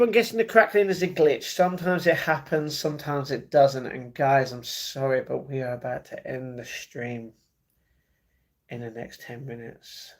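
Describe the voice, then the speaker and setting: A man's voice: mid-range voice, fairly even intonation, measured pace. A man from the UK, hosting a casual livestream and reading viewer comments aloud before answering them, often apologetically, into earbud microphones. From United Kingdom. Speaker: livestream host. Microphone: wireless earbuds.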